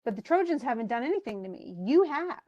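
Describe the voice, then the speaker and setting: A woman's voice: fairly high pitch, sing-song, fast talker, highs cut off. Achilles, a furious young warrior, as a woman puts him on. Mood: angry. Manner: casual, heated retelling voice.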